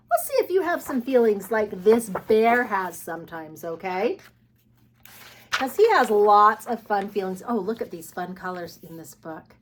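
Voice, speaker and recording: Woman, high and very lively, slow and sing-song, talks to preschoolers and asks them questions. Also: a little hiss or hum. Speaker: preschool teacher reading aloud. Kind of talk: read-aloud for young children.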